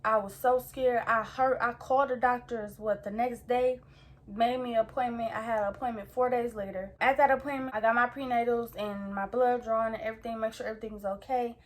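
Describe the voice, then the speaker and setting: A woman's voice: fairly high pitch, fairly even intonation, fairly quick. Slangy young woman telling a story. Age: young adult. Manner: slangy, rambling, repeats "like" and "you feel me". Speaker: vlogger. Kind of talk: casual storytime chat.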